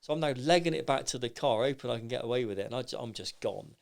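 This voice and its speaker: A middle-aged man, a podcast guest, telling stories in a lively, rambling way with many restarts. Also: medium pitch, fast, creaky. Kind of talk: anecdotal storytelling in casual chat.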